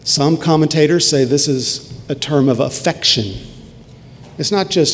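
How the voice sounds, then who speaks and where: A man preaching a sermon as a pastor, earnest, dropping to a hush and then rising to emphatic peaks. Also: fairly high pitch, animated, measured pace, long reverb tail, slight background noise.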